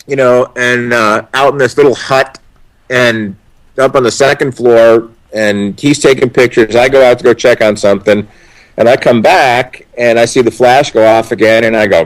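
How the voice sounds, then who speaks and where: A man's voice: mid-range voice, moderate pace, rough recording. A man, an actor being interviewed, telling casual anecdotes with many restarts and some swearing. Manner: animated storyteller, frequent restarts and swearing.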